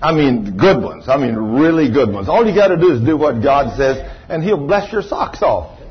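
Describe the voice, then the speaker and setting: A man's voice: medium pitch, normal speed, dull audio. A man preaching a sermon, telling stories with laughter and folksy phrasing. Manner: animated, laughing storyteller with folksy Southern phrasing. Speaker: pastor. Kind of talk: sermon storytelling.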